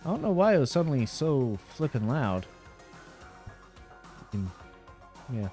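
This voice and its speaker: Chatty male streamer, lively pitch. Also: unhurried, faint music behind. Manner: chatty, rambling, laughs often. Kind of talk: casual gameplay commentary. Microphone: headset.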